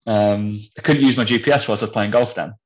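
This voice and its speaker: A man's voice: fairly low pitch, fast talker, low-quality recording. A young man chatting casually on a podcast, telling a story bluntly and swearing freely. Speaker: podcast co-host. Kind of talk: casual chat.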